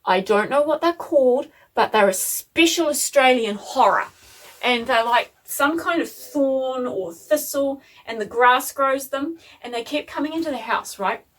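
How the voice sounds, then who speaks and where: A woman chats through a home vlog, animated and self-deprecating. Her voice sits fairly high. She is recorded on a phone a little away from her. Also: unhurried, distant mic. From New Zealand. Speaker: vlogger. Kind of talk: chatty home vlog storytelling. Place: home workspace.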